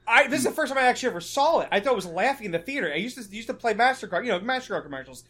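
A man co-hosting a podcast, telling stories in a rambling, animated way full of fillers. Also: very high voice, racing. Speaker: podcast co-host. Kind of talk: casual podcast chat.

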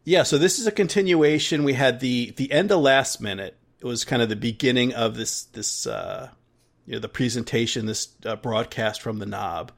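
A man's voice: mid-range voice, moderate pace, vocal fry. A man co-hosting a podcast in casual chat, rambling with restarts and frequent laughter. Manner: rambling, many restarts and fillers, laughs often. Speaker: podcast co-host.

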